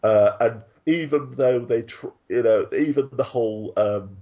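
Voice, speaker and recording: A man's voice: mid-range voice, a little slow, husky, lo-fi sound. A man co-hosting a casual podcast chat over an online call, laughing often and restarting his sentences. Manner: chatty, laughs often, frequent ums and restarts. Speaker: podcast co-host.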